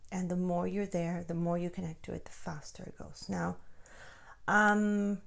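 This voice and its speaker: A woman giving a spiritual guidance talk, checking in with viewers and dropping into soft near-whispers. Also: mid-range voice, vocal fry. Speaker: spiritual teacher.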